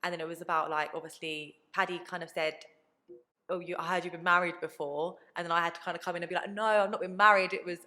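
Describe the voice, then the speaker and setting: Fast-talking bright woman. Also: lowish voice. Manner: animated storytelling, acts out quoted people. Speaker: podcast guest. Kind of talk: casual chat.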